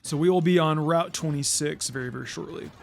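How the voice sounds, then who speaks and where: Young male let's-play commentator; chatty, stammering, filler-heavy, a touch high in pitch. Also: brisk, vocal fry, soft background music. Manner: rambling, frequent fillers and stammered restarts. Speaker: gaming commentator.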